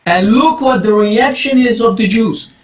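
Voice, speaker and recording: A Christian preacher with an extremely high-pitched male voice speaks a little slowly. He delivers emphatic Bible commentary, repeating his exclamations and addressing his listeners as guys.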